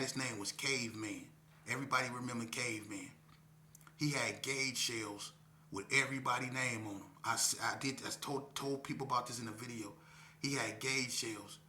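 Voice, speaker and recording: A middle-aged man from Las Vegas telling his own story in casual street talk, acting out other voices with sudden high shouts. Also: a little hiss or hum. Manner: animated, acts out quoted voices with sudden high-pitched shouts. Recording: echoey room.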